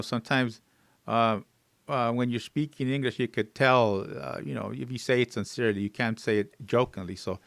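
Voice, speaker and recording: A man teaching English phrases, repeating each one slowly and word by word, with fillers and friendly asides to his viewers. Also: medium pitch, vocal fry, a bit bright, dry recording. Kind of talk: slow, drilled phrase teaching.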